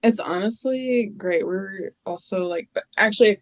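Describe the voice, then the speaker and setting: A woman's voice: mid-range voice, measured pace, poor audio. A young adult woman, a podcast guest, chatting casually and telling stories with lots of laughter and acted-out quotes. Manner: bubbly storyteller, laughs often, acts out quotes. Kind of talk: casual interview chat.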